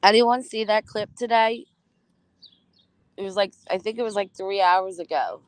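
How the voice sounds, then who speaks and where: A woman's voice: medium pitch, moderate pace, smooth, dry recording. A woman hosting a casual livestream, greeting chatters by name and gossiping bluntly with frequent swearing. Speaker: livestream host.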